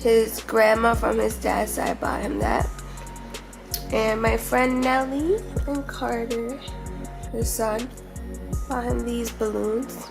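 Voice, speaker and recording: Young woman vlogger with a gravelly edge. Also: fairly high pitch, fairly even intonation, over music, low-quality recording. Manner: emotional, rushed retelling with many fillers. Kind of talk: casual storytelling vlog. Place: hospital room.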